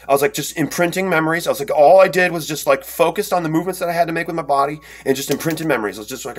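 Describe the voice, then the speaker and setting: Rambling, animated man telling a story. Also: a little high, rapid-fire, hardly any pauses, a little hiss or hum. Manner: rambling and animated, acts out quotes, many fillers and restarts. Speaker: storyteller recounting an encounter. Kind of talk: casual first-person storytelling.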